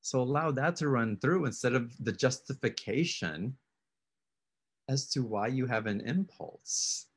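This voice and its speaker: A man's voice: medium pitch, lively intonation, measured pace, slightly rough. A man hosting a casual conversation, encouraging his guest and coaxing her with questions. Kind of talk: casual spiritual coaching chat.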